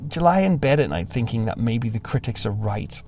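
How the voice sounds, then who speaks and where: Young male pastor, casual self-deprecating talk, gravelly, lively pitch, faint music under. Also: fairly quick. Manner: animated, self-deprecating, mimics voices.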